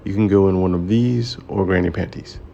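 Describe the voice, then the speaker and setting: A man's voice: deep voice, fairly even intonation, brisk, creaky, dark tone, muffled recording, slight background noise. A man voicing a poised, bold young woman, lifting his voice lightly and speaking in a coaxing way. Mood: playful.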